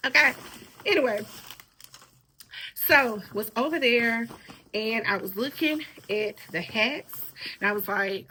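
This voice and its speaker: A woman in her forties from talks casually to the camera, chatty and rambling, with plenty of "y'all" and side stories. Her voice is hoarse and worn out. Underneath the hoarseness it sits slightly high and sounds bright and forceful. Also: expressive, a little slow. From Birmingham, Alabama. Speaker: sewing vlogger.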